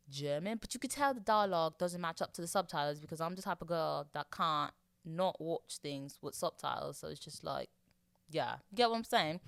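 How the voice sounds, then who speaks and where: Lively, bright-voiced woman host. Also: on the low side, clear, resonant tone, no echo. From Florida. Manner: chatty, animated, playful, acts out voices. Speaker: podcast host. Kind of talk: casual chat monologue.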